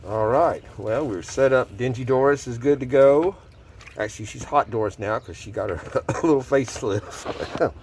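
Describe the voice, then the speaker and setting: A man's voice: mid-range voice, moderate pace, darkish tone, a little hiss or hum. A man chatting casually and rambling as he hosts a gold prospecting video at his table. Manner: rambling, self-correcting, chuckles often. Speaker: gold prospecting hobby host. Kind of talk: casual chat. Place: table at home.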